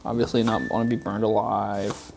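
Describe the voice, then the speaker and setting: A woman co-hosting a podcast in casual chat, candid and quick to laugh, repeating herself as she thinks. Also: a bass voice, flat delivery, creaky, noisy background. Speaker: podcast co-host.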